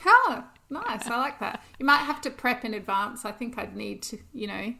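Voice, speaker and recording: A woman's voice: a little high, big pitch swings, moderate pace, creaky, pushed and bright. A woman co-hosting a podcast, chatting casually and practically with frequent laughs. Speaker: podcast co-host. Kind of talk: casual chat.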